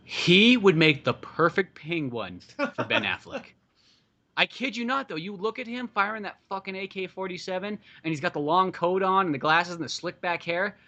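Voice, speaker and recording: Man, podcast host, bright tone, emphatic, profane, casual chat. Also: sits high, lively intonation, normal speed.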